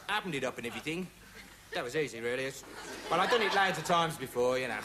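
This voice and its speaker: A man's voice: a little high, lightly acted. An actor playing a dim, rambling young man who calls himself an investigator, talking in a digressive TV sketch comedy monologue full of "you know" and "right". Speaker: comic character monologue. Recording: noisy early 1980s TV audio with loud studio audience laughter.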